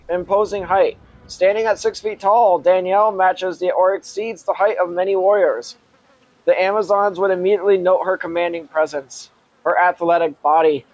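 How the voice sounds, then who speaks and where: A man reading an adventure story aloud as a channel host, halting, correcting himself and breaking off for casual asides. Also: sits high, a little mellow, dry recording, poor audio. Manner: halting reading with frequent self-corrections and restarts.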